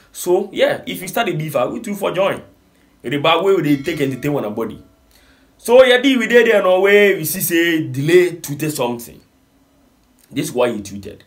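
Ghanaian man, animated reaction host. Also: mid-range voice. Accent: Ghanaian English with Pidgin. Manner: animated, reads comments aloud, pleading. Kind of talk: casual reaction commentary.

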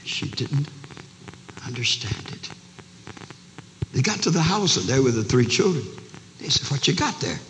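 An older man preaching a dramatic sermon to a large camp meeting, acting out each character's voice, shouting one moment and whispering the next. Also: mid-range voice, big pitch swings, measured pace, pauses often. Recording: live sermon recording, long hall reverb, faint noise.

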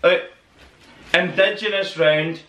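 A man's voice: sits high, steady tone, slow pace, bright, forceful tone. A man hosting an unboxing vlog, chatty and full of exclamations. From Northern Ireland. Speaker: channel host. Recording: echoey room, mic at a distance, noisy.

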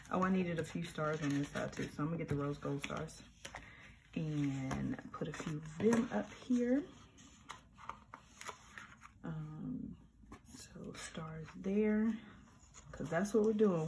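A woman's voice: lowish voice, background noise. A middle-aged woman, chatting casually and animatedly while decorating a planner, with mock-grumpy asides. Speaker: planner vlogger. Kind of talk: casual plan-with-me chat.

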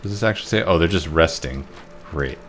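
In this let's-play clip, a gameplay commentator with a bass voice talks fairly quickly and with animation as he plays a strategy game. His muttered remarks to himself are wry and self-mocking, and faint game music plus the clatter of typing can be heard behind him.

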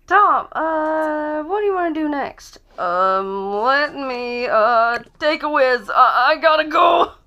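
A giggly woman talks through her life-simulation game in a high, bright voice. She speaks slowly and keeps breaking into laughter as she narrates what is happening on screen. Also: expressive, highs cut off. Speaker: gameplay commentator. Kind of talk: casual game commentary.

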